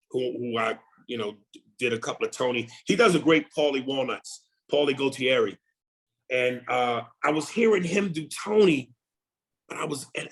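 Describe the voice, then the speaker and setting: A comedian guest talking casually in an interview, animated and often repeating words while he thinks. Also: fairly high pitch, low-quality recording.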